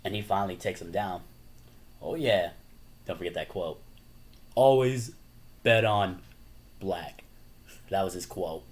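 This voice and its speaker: A man's voice: fairly even intonation, normal speed, long pauses. A man chatting casually as a YouTuber, rambling with lots of "you know" and "like" and often laughing. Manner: laughs often while talking; acts out movie quotes in a higher voice. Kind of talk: casual chat.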